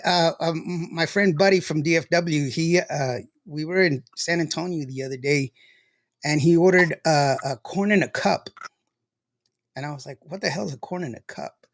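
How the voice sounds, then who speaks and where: A man hosting a casual show, chatty and laughing often as he tells stories. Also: on the high side. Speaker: show host. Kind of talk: casual livestream chat.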